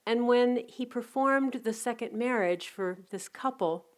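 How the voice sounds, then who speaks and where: A middle-aged woman giving a reflective spiritual talk, telling anecdotes in a gentle, unhurried way with soft restarts. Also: on the high side. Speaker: spiritual community teacher.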